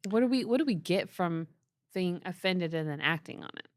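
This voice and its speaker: A middle-aged woman with a fairly low voice co-hosts a faith podcast. She speaks earnestly and thoughtfully in a casual tone, recorded dry and close to the mic. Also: lively intonation, fairly quick, no echo. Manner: earnest, thoughtful, with frequent filler restarts. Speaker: podcast co-host.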